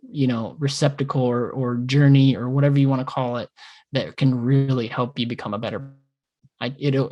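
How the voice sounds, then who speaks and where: A man's voice: medium pitch, a little mellow. Passionate, swearing podcast co-host, male. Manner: passionate rambling rant with swearing; acts out his own thoughts in quoted asides. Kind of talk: casual podcast chat.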